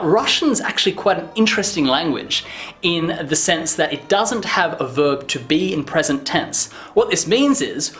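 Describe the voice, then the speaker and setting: A man giving a casual language lesson, jumping high in pitch when acting out example phrases. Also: fairly bright tone. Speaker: language teacher.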